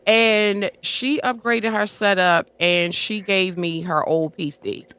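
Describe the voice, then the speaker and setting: A woman's voice: mid-range voice, slow, clean tone. A woman guest on a podcast telling a story in a casual way, acting out what other people said. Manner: animated, acts out quoted dialogue. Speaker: podcast guest, horror streamer.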